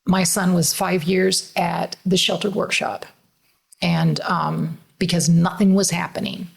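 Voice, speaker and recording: Earnest middle-aged woman with gravelly voice. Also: on the low side, level tone, measured pace. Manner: earnest, emotional, laughs through tears. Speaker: podcast co-host, mother. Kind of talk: casual podcast conversation.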